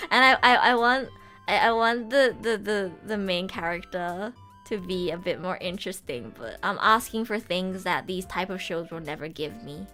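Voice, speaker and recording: A woman's voice: on the low side, normal speed, sharp tone, soft background music. A young woman streaming casually, frank and giggly, often stumbling and restarting her sentences. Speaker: streamer and voice actor. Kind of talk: casual livestream chat.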